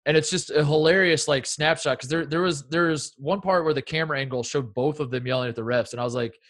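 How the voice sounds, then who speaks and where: A man co-hosting a casual sports chat, excitable and laughing as he acts out coaches' rants. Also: on the high side, fast talker. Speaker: co-host.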